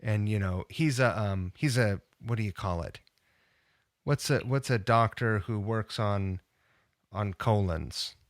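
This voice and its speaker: A man's voice: fairly low pitch, measured pace, no echo, clean studio sound. A man telling a long story as a podcast guest, acting out the people he quotes. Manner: animated, acts out quoted voices. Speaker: podcast guest, punk guitarist. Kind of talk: casual storytelling.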